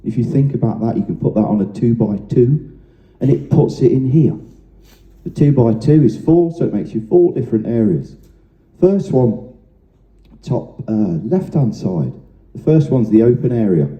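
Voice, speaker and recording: A man's voice: mid-range voice, very animated, moderate pace. A man giving an informal training talk to a live audience, chatty and anecdotal, speaking straight to the room. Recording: roomy, dull lo-fi sound.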